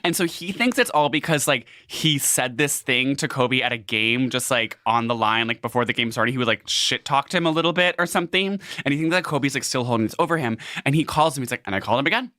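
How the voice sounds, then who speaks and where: A man co-hosting a podcast, chatting casually and riffing quickly with mock quotes. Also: mid-range voice, expressive, pushed and bright, no room sound, studio quality. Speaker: podcast co-host. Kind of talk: casual comedic chat.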